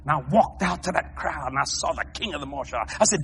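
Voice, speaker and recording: An American man preaching a sermon, telling stories in an animated way, shouting and laughing as he goes. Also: on the high side, fast, slight background noise. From United States. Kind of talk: storytelling sermon.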